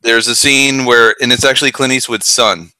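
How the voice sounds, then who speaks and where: A man's voice: medium pitch, fairly even intonation, moderate pace, pushed and bright, clean tone, no echo, rough recording. A man co-hosting a casual podcast, animatedly retelling movie scenes and acting out the characters' lines. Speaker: podcast co-host.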